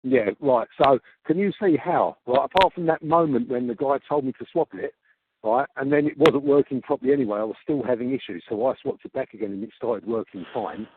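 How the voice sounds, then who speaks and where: A man making a heated complaint on a phone call, halting and repeating himself in exasperation. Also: medium pitch. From Australia. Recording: tinny phone-call recording with hiss.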